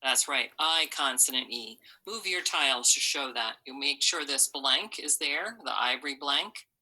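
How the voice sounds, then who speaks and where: Very low-voiced, bright-toned woman teacher. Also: low-quality recording. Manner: patient, step-by-step instructions, models sounds for repeating. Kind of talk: phonics lesson to young students.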